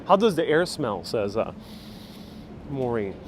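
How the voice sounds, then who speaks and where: A man hosting a live walking tour, talking into a phone as he strolls a busy street. He reads viewer comments aloud and answers them in a relaxed, chatty way, with faint traffic and city noise behind him. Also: medium pitch, measured pace. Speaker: travel vlogger. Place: outdoors on a busy old-town street. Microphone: phone held while walking.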